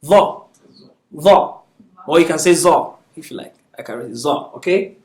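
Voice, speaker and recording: A little high and darkish in tone, this man's voice has lively intonation and a slightly slow delivery. He is an Arabic teacher lecturing patiently in an echoey classroom, heard from afar, checking often with "is that okay?"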